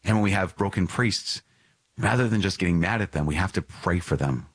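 A man's voice: sits low, a little fast, breathy edge. A man who is a Catholic priest, praying aloud and then telling a story in an earnest, conversational way with restarts. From Minnesota. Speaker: Catholic priest and podcast host. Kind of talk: spoken prayer and reflective talk.

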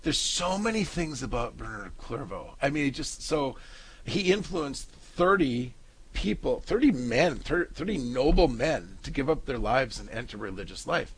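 A man's voice: medium pitch, lively intonation, moderate pace, slightly rough, poor audio. A male co-host of a Catholic talk show, chatty and jokey, trailing off and restarting often. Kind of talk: casual radio-style chat.

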